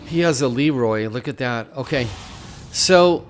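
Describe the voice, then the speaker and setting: A man hosting a game video who preaches between moves, unhurried and repeating his phrases like a sermon. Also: medium pitch, over music. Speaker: gaming channel host. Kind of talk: gameplay commentary mixed with preaching.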